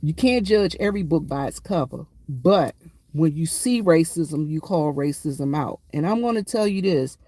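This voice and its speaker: A woman's voice: low voice, lively intonation, moderate pace, warm tone. A woman veteran speaking to her viewers in a casual, emphatic storytelling monologue, often calling them y'all. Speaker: military veteran vlogger.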